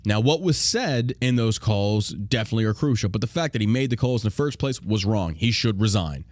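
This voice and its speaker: Profane, combative podcast host. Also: male voice, on the low side, animated, brisk, a little mellow, dry recording, clean studio sound. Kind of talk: ranting podcast commentary.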